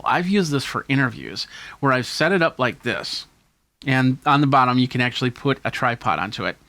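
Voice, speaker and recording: A man's voice: medium pitch, a bit bright, no room sound. A man with a mid-range voice hosts a tech video, walking through his camera gear in an easygoing, enthusiastic show-and-tell. The sound is dry and close. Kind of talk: hands-on gear demonstration.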